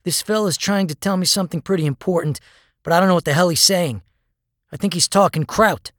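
A man's voice: on the high side, expressive, moderate pace, dry recording, clean studio sound, voice pushed up. A man doing an earnest young army corporal. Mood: urgent.

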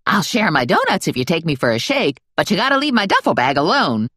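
A woman voicing a spry, stubborn grandmother in her seventies, speaking slowly and indignantly in a raised voice. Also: fairly low pitch, big pitch swings, fairly bright tone, husky, no room sound, studio quality, voice pushed up, heavily acted. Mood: feisty.

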